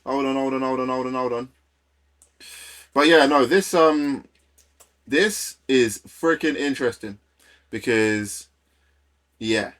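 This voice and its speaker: A man from London with a London accent, casually chatting and reacting to a video on a live stream in a slangy, animated way. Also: medium pitch, takes it slowly, pauses often.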